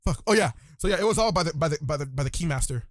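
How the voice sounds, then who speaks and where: A man co-hosting a podcast in casual chat, joking and acting out characters in quick bits. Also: a little high, dry recording, clean studio sound. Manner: animated, laughing, acts out characters in quick bits. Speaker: podcast co-host.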